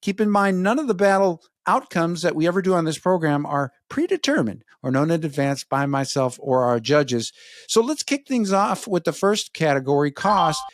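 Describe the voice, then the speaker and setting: A man hosting a panel show, moving things along briskly and trading light jokes with his guests. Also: on the high side, lively intonation, dry recording, clean studio sound. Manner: brisk, jokey banter with guests. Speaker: show host and referee.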